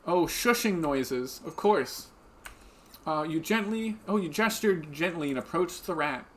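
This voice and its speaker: A man's voice: a little high, lively intonation, measured pace, fairly bright tone, slight background noise. Chatty, giggly man streaming a game. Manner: chatty and giggly, talks to viewers while playing. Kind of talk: casual live-stream commentary. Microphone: desk microphone.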